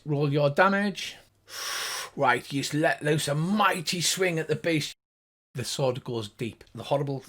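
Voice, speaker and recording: A man's voice: fairly high pitch, a bit bright. An older man running a tabletop game as game master, narrating in vivid detail with fillers.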